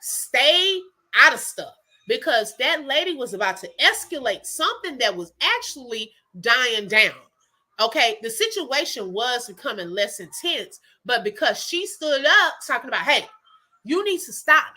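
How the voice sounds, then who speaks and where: Animated woman, high lively voice. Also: normal speed. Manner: animated, laughing, addresses viewers as y'all. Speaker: livestream host chatting with viewers. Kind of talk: casual storytelling chat.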